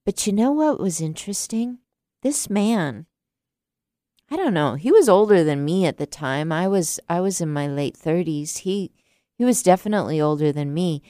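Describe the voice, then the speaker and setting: A woman in her late fifties, a teacher, telling a reflective personal story in a soft, unhurried way. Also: lowish voice, animated, no room sound, clean studio sound. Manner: slow, soft-spoken and unhurried.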